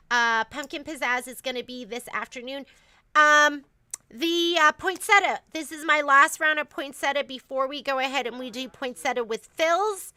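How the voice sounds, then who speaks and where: A woman's voice: high-pitched, sharp tone, no echo. A woman hosting a casual store livestream, chatting in a rambling way with lots of fillers and restarts.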